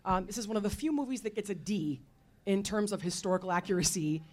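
Animated woman history teacher on a panel. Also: medium pitch, fast. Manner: lively, expressive storytelling with fillers. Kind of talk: panel talk.

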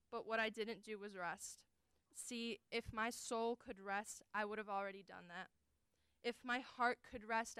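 A young adult woman giving an earnest, deliberate dramatic reading of first-person prose as a college forensics performer. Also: medium pitch, a bit bright, clean tone, no echo. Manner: earnest, deliberate, emotionally weighted delivery.

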